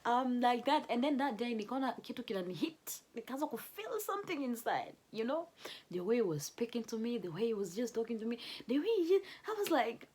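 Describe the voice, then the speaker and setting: A woman's voice: fairly high pitch, a little fast, breathy edge. Chatty woman telling a story. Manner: animated, laughing, switches between English and Swahili. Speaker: vlogger telling her love story. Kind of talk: casual storytelling to camera.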